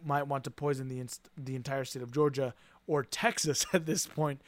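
A man's voice: mid-range voice, fairly even intonation, moderate pace, no echo. A man co-hosting a casual podcast who laughs easily and rambles as he explains things. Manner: giggly, rambling, restarts sentences. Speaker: podcast co-host and teacher.

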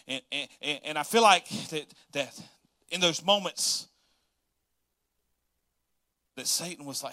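Male preacher, slightly high, bright voice; casual, joking sermon delivery with stop-start repetitions. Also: takes it slowly, pauses often, dry recording, clean studio sound. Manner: casual, joking, repeats words as he restarts.

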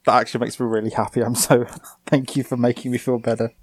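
Deadpan man on a voice call. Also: medium pitch, quick pace, breathy edge, no echo. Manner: dry, deadpan joking. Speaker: podcast co-host. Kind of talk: casual chat, outtakes. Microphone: home microphone over a voice call.

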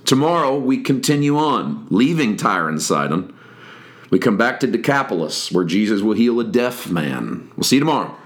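A man's voice: on the low side, sing-song, normal speed. A man hosting a daily devotional podcast, explaining a gospel passage in a reflective teaching manner and reading the verses aloud. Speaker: podcast host teaching scripture.

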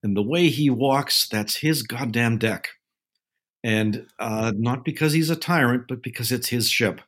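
An older man, a guest film advisor, telling anecdotes in a measured way with frequent filler pauses. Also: mid-range voice, fairly bright tone. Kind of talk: casual storytelling interview.

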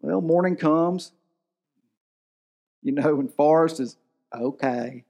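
Slightly high-voiced preacher in his forties. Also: fairly even intonation, slow pace, vocal fry, mellow. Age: 40s. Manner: conversational preaching, storytelling with movie anecdotes. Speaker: pastor. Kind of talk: sermon.

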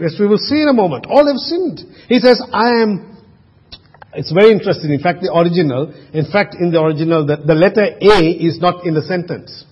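A man preaching a sermon, asking the congregation questions and dropping his voice to a hush for emphasis. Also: high voice, husky, in a large hall, lo-fi sound. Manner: rhetorical questions, sudden drops to a hush. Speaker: pastor.

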